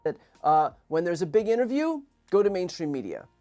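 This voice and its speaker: A woman's voice: fairly low pitch, big pitch swings, fairly quick, mellow, soft background music. A woman political commentator in a played clip, complaining with a sarcastic edge.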